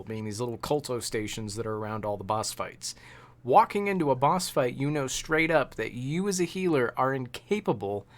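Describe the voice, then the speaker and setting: A man's voice: medium pitch, a bit bright. A man hosting a casual live-stream panel chat, asking long, detailed questions.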